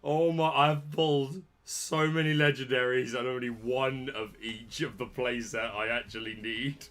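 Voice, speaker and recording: A man, hosting a card-opening video with jokey, excitable commentary and bursts of shouting. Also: mid-range voice, a little slow. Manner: excitable, jokey trash talk with sudden shouts. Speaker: trading card channel host. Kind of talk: casual pack-opening commentary.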